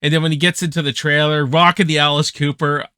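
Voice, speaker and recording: A young man giving a casual, excited film review, swearing freely and packed with slang. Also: fairly high pitch, fast talker, clear, resonant tone, dry recording, clean studio sound. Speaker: movie reviewer.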